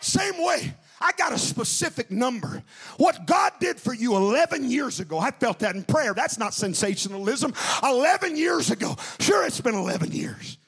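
A man preaching an impassioned revival sermon, shouting and calling out to the congregation. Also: very high-pitched, sing-song, normal speed, breathy edge.

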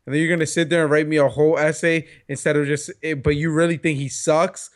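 A man chats casually as a podcast co-host, his voice sitting a bit high. He rambles through his points, filling gaps with "like" and dropping the odd curse. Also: level tone, quick pace. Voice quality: loose, rambling speech full of fillers and profanity. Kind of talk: casual chat.

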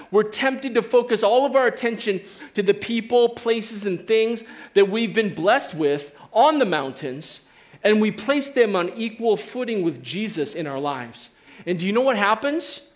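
Middle-aged guy preaching, high-ish voice, lively storytelling, keeps saying okay. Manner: animated storytelling with frequent "okay?" check-ins. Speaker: pastor. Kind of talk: sermon. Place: church sanctuary.

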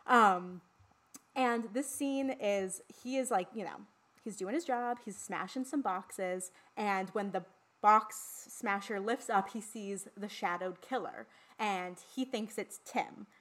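Speaking slowly in a medium-pitched, slightly bright voice, this podcast co-host chats about a horror film. She swears freely and leans on plenty of fillers in a casual, talkative way.

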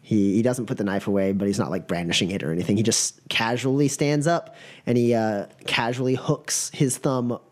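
A man's voice: fairly low pitch, steady tone, fairly quick. A man narrating a tabletop game as game master, casual with many fillers.

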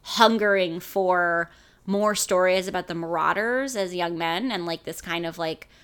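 Bright-voiced chatty woman. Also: fairly low pitch, measured pace, smooth. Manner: animated, uses "like" a lot. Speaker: podcast cohost. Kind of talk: casual chat.

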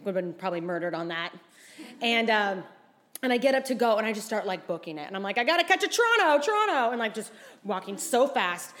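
Animated woman telling a comic story. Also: fairly quick. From United States. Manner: animated, acts out quotes with big pitch jumps. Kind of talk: storytelling to a live audience.

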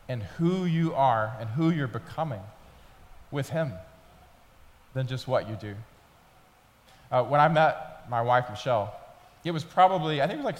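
Man preaching in a reverberant church. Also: mid-range voice. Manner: conversational storytelling preacher, building intensity. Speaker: pastor. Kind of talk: sermon. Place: church sanctuary. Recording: long hall reverb.

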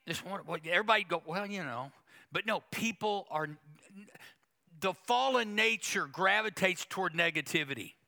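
Male pastor, sermon delivery, gravelly edge, emphatic and repetitive. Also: high-pitched, lively intonation, moderate pace, bright, forceful tone. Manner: emphatic preaching with quoted asides and repetition.

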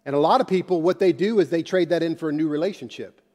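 A man's voice: a little high, fast talker, mellow. A man preaching a sermon as a pastor, with impassioned emphasis and conversational asides, in a church sanctuary. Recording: long hall reverb.

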